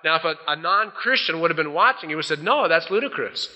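A man's voice: on the high side, very fast, bright, forceful tone. A male pastor preaching a folksy sermon, acting out the voices he quotes. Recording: dull old sermon tape in a large hall.

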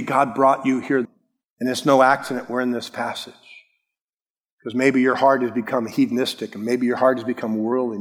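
A man preaching a sermon as pastor, emphatic, slowing down to stress key words and dropping soft and low in his appeals. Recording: long reverb of a large hall.

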